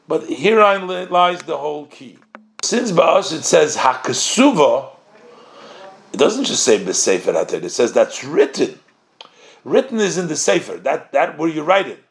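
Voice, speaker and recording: A man's voice: medium pitch, vocal fry. A man teaching a text study lesson, reading Hebrew phrases and translating them as he poses questions. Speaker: Torah teacher.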